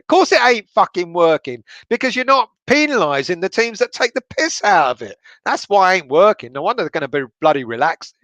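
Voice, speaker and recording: A man's voice: high voice, big pitch swings, brisk, hardly any pauses, fairly bright tone, dry recording. A man hosting a football livestream, reading out viewer comments with sweary banter and frequent laughter. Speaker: football channel livestream host.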